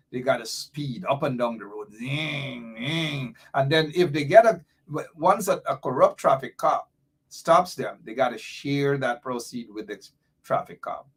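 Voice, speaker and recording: A man's voice: mid-range voice, fairly bright tone, slightly rough. A middle-aged man, hosting a live talk show and giving impassioned, rambling commentary while reading out listener comments.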